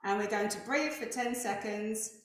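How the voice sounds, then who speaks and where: A woman's voice: medium pitch, moderate pace. A woman facilitating a laughter wellness session over a video call, giving encouraging step-by-step cues for breathing and laughing. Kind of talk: guided group exercise instruction. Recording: very echoey online call.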